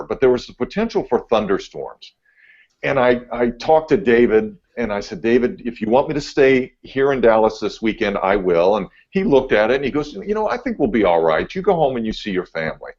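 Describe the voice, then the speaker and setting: A laid-back man, a TV meteorologist, telling a story on a podcast, getting animated as he goes. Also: mid-range voice, brisk. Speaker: TV meteorologist guest. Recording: dull lo-fi audio.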